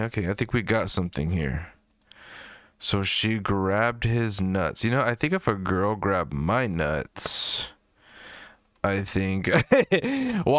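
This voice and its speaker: A man's voice: low-pitched, a bit bright, no room sound, clean studio sound. A man hosting a live music review stream, talking in a rambling, profane, jokey way. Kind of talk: casual livestream chat.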